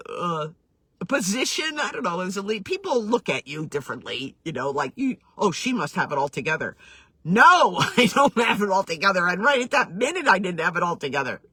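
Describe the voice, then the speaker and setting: A woman telling a personal story in a casual, reflective way, earnest and laughing softly between phrases. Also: lowish voice, slightly rough, dry recording. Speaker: healing coach sharing her story.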